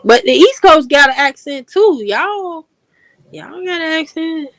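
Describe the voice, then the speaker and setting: A woman's voice: sits high, dry recording. A woman with a Chicago accent hosting a casual livestream chat, laughing often and drawling her slang. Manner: laughing, animated, drawn-out slang. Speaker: host.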